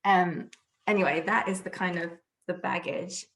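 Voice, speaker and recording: Gravelly low-voiced woman. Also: steady tone, normal speed, fairly bright tone. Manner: chatty, casual, many restarts. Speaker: literary translator and academic. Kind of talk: conversational interview answer.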